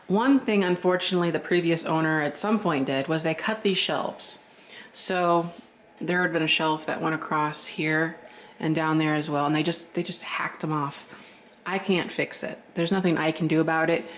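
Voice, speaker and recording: A man's voice: on the high side, slight background noise. Rambling man touring his shop. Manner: rambling, thinks out loud, chuckles. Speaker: shop owner and vlogger. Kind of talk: casual vlog walkthrough. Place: indoor vintage shop room. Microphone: handheld camera, then phone.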